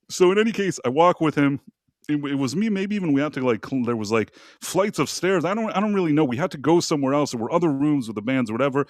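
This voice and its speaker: A man's voice: on the high side, lively intonation, fast, a little mellow, no echo, clean studio sound. A man hosting a live podcast, telling a long story in a rambling, casual way with many asides. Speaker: podcast host.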